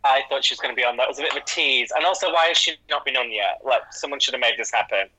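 A man's voice: medium pitch, racing, pushed and bright, poor audio. A man co-hosting a podcast in casual chat, chatty and jokey with casual swearing. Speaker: podcast co-host.

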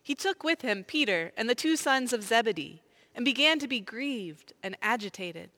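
A woman reading scripture aloud, clear and earnest, in a group reading. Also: fairly high pitch, animated, moderate pace, sharp tone. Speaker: scripture reader.

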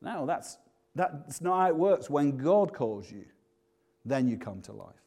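Man, preacher, sermon, fairly high voice, emphatic then hushed delivery. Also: big pitch swings, measured pace, creaky, breathy edge. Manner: dynamic, swings from loud emphatic to hushed.

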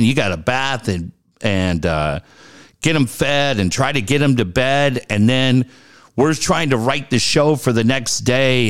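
A middle-aged man hosting a talk show, telling stories with a lively, bouncing voice that rises and falls freely. His pitch sits in an ordinary middle range, and his delivery is loose and conversational. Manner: animated storytelling, lively swings in pitch. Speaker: radio show host. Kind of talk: casual podcast talk.

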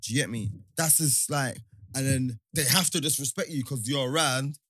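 A man's voice: medium pitch, moderate pace, fairly bright tone, slightly rough, no echo, clean studio sound. A man talking animatedly in casual chat, full of slang and repeating himself.

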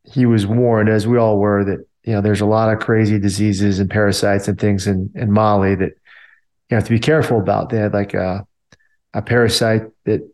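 Man, army veteran, casual storytelling, lowish voice, loose filler-heavy talk. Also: flat delivery, normal speed, darkish tone.

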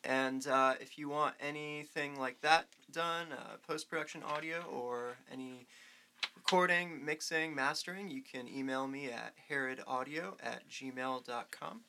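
A man's voice: mid-range voice, unhurried, vocal fry, sharp tone, slight background noise. A man who works as an audio engineer, speaking plainly on a casual podcast.

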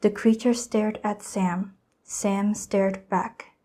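A teenage student girl reading a children's storybook aloud, careful and expressive. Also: medium pitch, takes it slowly. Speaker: student reader.

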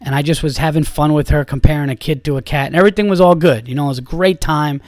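A man's voice: a little high, quick pace, dry recording. A man, a comedian and podcast host, telling a long rambling story full of swearing and fillers. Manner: rambling and profane, lots of fillers. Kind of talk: casual storytelling.

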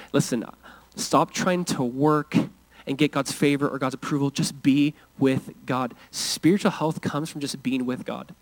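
A man with an American accent preaching a sermon as pastor, earnest, moving between intense and hushed, intimate passages. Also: medium pitch, no room sound, rough recording.

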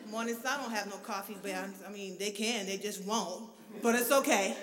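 A woman preaching a lively, expressive sermon in a church that builds to shouted fervor. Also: medium pitch, a little fast. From from abroad, grew up outside the country. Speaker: guest preacher. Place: church sanctuary. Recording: echoey hall, mic at a distance.

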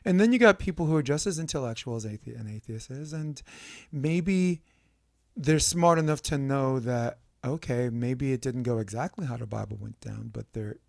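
A man's voice: medium pitch, moderate pace, gravelly, darkish tone, no echo, studio quality. A man hosting a podcast, musing and rambling in casual conversation, often checking in with "right?". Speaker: podcast host.

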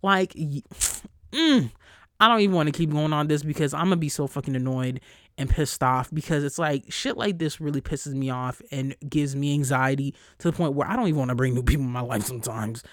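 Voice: medium pitch, fairly bright tone, no echo, clean studio sound. A podcast host ranting heatedly, swearing constantly and peppering the talk with "like". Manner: heated, profane, fast-cutting rant; frequent cursing and "like" fillers. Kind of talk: solo podcast rant.

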